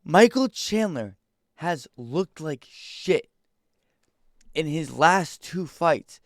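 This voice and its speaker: A young man giving a casual, excitable fight reaction, rambling in slang. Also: fairly high pitch, very slow, no room sound, clean studio sound. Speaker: MMA reaction YouTuber.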